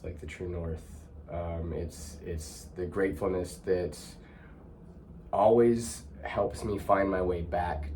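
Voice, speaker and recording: A man with a low, darkish voice hosts a heartfelt conversation, speaking reflectively and searchingly with many restarts. There's slight background noise.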